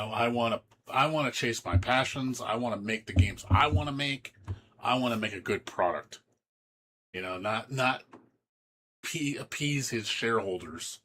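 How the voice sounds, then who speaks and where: A man's voice: lowish voice, fairly bright tone, a little hiss or hum. A man streaming games, ranting in a heated, profane way with lots of stammering restarts. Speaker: game streamer. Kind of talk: live-stream rant.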